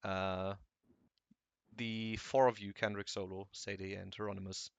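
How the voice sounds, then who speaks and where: Slow, gravelly male game master, low and bright. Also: little pitch movement. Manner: hesitant, with many fillers. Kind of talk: narrating a tabletop game.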